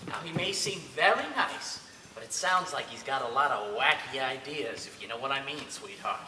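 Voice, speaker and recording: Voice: medium pitch, lively intonation, lightly acted. A stage actor in a school play playing a blustering, sarcastic tough-talking man who grills his sister. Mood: coaxing. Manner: fast, sarcastic interrogating, rising to shouts. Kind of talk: live stage acting. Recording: echoey stage from far off, faint noise.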